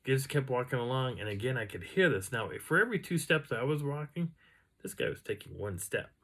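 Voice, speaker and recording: A man casually recounting an outdoor encounter in a rambling, animated way, now and then imitating the sounds he heard. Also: mid-range voice, a little fast. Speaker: outdoor storyteller. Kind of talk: casual first-person storytelling.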